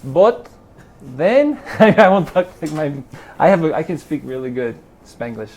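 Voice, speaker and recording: In a garage, a middle-aged triathlon club president from Los Angeles gives a casual interview, telling stories with lively, acted-out dialogue. He speaks unhurriedly in a fairly high voice, with a little hiss or hum in the audio.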